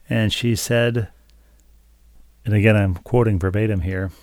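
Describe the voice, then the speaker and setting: Low gravelly man, dry wry storyteller. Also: steady tone, measured pace, long pauses, darkish tone, no room sound. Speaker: podcast co-host. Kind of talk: casual chat.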